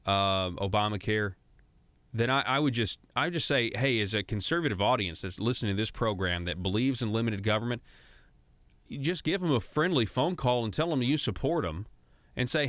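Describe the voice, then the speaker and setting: A man's voice: medium pitch, a little fast, a bit bright, no echo. A man from Arkansas hosting a political talk radio show, chatty and growing heated and emphatic, in a studio. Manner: conversational, grows heated and emphatic.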